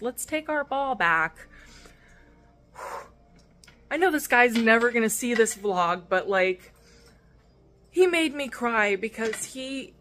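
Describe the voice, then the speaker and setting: A woman's voice: fairly low pitch, fairly bright tone, a little hiss or hum. A young woman and mother telling a story in a casual vlog, candid and emotional, rambling with fillers and restarts. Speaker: vlogger and mother.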